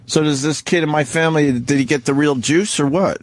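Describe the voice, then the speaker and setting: Blunt, profane middle-aged radio host. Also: male voice, a little high, fairly quick, no room sound. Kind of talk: casual radio banter.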